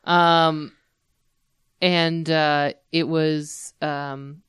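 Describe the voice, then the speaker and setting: A young woman co-hosting a casual podcast chat, relaxed and quick with agreeing "yeah"s. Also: low voice, clear, resonant tone, no echo, studio quality. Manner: relaxed, frequent "yeah" backchannels. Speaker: podcast co-host.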